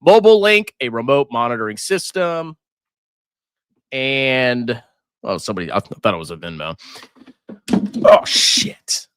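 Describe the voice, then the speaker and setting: A man hosting a casual livestream about stocks, excitable, swearing freely and quick to laugh. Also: medium pitch, clear, resonant tone, no room sound, studio quality. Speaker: finance livestream host.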